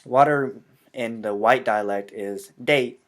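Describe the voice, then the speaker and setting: A man whose first language is Hmong, explaining in a casual, halting way with frequent filler sounds. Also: mid-range voice.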